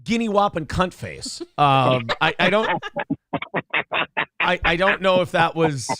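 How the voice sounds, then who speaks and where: A man in his late thirties hosting a morning talk show, rambling with halting restarts. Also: on the high side, lively intonation, pushed and bright, no echo, studio quality. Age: 30s. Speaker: show host. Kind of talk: casual chat.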